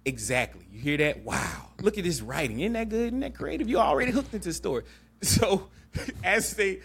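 A man hosting a podcast, recapping a movie in animated, laughing, profane storytelling. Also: high-pitched, normal speed, vocal fry, breathy edge. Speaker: podcast host. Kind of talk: casual chat, movie recap.

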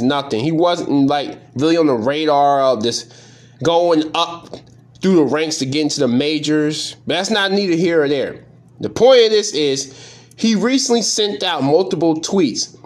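A man hosting a podcast, giving profane, exasperated casual commentary on news stories and talking straight to his listeners. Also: a little high. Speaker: podcast host.

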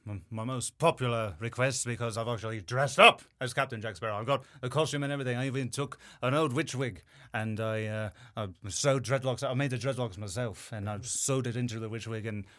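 A man, a voice actor guest on a podcast, talking in a casual, animated way with lots of fillers. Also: mid-range voice, fairly quick, hardly any pauses. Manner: animated, chatty, full of fillers.

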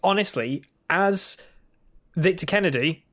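A man's voice: high-pitched, a little slow, a bit bright. A man co-hosting a podcast, talking casually and rambling with many restarts. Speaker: podcast co-host.

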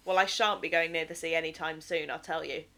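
A woman co-hosts a comedy podcast with a dry, wry and playful delivery. Her voice is bright and crisp, with some edge to it. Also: deep voice, fairly even intonation, a little fast. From Maidenhead, England. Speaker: podcast co-host. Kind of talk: casual comedic chat.

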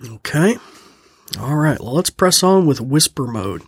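A man's voice: fairly high pitch, sing-song, a little slow, husky, no echo. A man hosting a tech training show, explaining steps in a folksy, chuckling way into a close studio mic. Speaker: host of a tech training program. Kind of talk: casual spoken tutorial.

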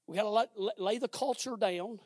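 A male pastor preaching a sermon in a conversational, exhorting way, swinging from hushed words to shouted emphasis. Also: sits high, a little fast, no echo, studio quality. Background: instrumental music underneath.

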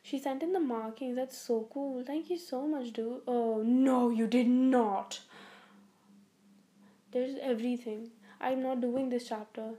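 A teenage girl talking on her own podcast in a groggy, worn-out voice. She speaks a little high but fairly flat, with a mellow, soft tone. She rambles on with fillers and restarts. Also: normal speed, few pauses. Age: teens. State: groggy, weak-sounding voice. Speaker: podcast host. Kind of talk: casual solo podcast chat.

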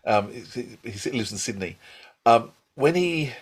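A man's voice: mid-range voice, lively intonation, slow, slightly rough. A man hosting an interview, explaining things in an informative way. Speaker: podcast host. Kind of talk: conversational interview.

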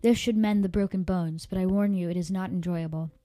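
A woman's voice: on the low side, fairly even intonation, dark tone, no room sound, natural voice. A woman voicing a solemn desert warrior woman. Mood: caring. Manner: slow, solemn, formal speech. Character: fierce female desert tribe soldier.

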